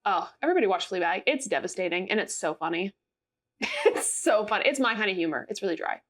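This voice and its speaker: Animated young woman, lively pitch. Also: quick pace. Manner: animated, laughs through stories. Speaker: podcast co-host. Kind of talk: casual chat.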